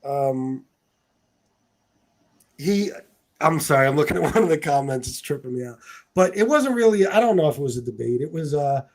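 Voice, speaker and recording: A man's voice: fairly high pitch, lively intonation, normal speed, long pauses, a little mellow. A man hosting a casual livestream chat, talking loosely with plenty of swearing and fillers. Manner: loose and profane, with many fillers. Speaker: livestream host.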